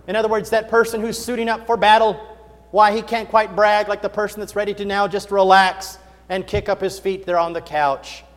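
A man with a high voice delivers an expository sermon, stressing words dramatically and breaking into casual everyday paraphrase. His voice carries a long reverb, as if heard in a large hall. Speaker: preacher. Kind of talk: expository Bible teaching.

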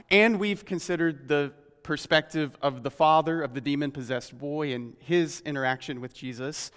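Earnest male preacher, slightly high voice, slows for emphasis; sermon taped in a reverberant hall. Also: a bit bright, clean tone.

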